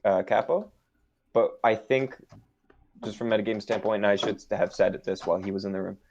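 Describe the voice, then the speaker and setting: GM role: man running a tabletop game, halting explanations, muffled lo-fi stream sound. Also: on the low side, little pitch movement, a little mellow. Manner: hesitant, explaining rules. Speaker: game master. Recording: dull lo-fi stream audio.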